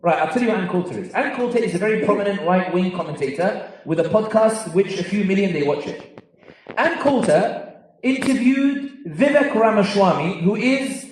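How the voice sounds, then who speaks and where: A man from London with a London accent, telling funny stories as a speaker to a live audience, with quick asides. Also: high-pitched, animated, a little mellow. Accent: London English. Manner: humorous storyteller, quick asides. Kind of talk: storytelling talk to a live audience. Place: large convention hall. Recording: echoey hall, mic at a distance.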